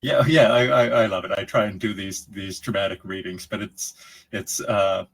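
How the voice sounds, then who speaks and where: A man's voice: on the low side, fairly even intonation, normal speed, fairly bright tone, slightly rough, rough recording. A man answering questions on a video call in a loose, rambling way, often restarting and repeating words. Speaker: conference speaker answering questions. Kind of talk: casual Q&A chat.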